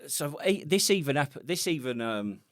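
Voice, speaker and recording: A man's voice: on the high side, big pitch swings, normal speed, dry recording, clean studio sound. A middle-aged man from England, co-hosting a podcast in sweary, rambling banter. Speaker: podcast co-host. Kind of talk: casual chat.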